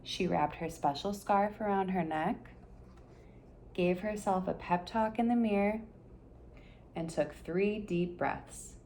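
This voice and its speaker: A woman's voice: medium pitch, slow pace, pauses often, mellow, slight background noise. Woman reading a picture book aloud. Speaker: storybook reader.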